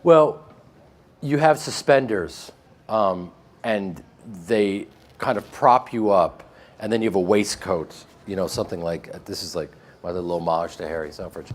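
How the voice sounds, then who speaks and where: A man with a flat Midwestern American accent, answering interview questions in a casual, joking way and laughing often. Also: deep voice, measured pace, slight background noise. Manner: animated, joking, laughs often, with frequent restarts. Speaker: actor being interviewed.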